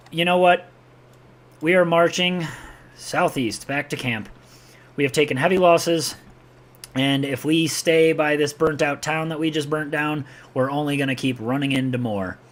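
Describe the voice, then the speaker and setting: A gaming streamer with a New York accent plays a strategy game live, rambling loosely and keeping up a running chatty commentary with his viewers. His voice sits a little higher than most men's, and he talks a little slowly.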